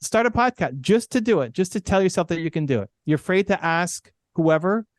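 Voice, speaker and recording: A man's voice: high-pitched, expressive, fairly quick, dry recording, studio quality. A middle-aged man, a podcast guest, telling a candid personal story in an earnest way, full of "like" and "right?".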